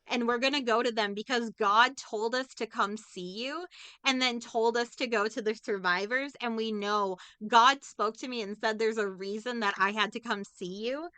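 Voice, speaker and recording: An earnest, rambling religious woman survivor, voiced by a woman retelling a film scene. The voice sits a touch high and bright, with a smooth, clear tone. It sounds close and dry, with no room sound around it. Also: moderate pace, no room sound.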